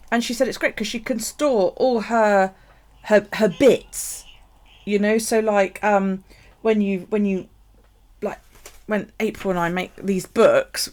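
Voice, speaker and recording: Woman, live-stream crafter, rambly and sweary, gravelly fry in the voice. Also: mid-range voice, lively intonation, normal speed, a little mellow. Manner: chatty, rambling, swears freely, laughs at herself. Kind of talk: casual crafting chat. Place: home craft space.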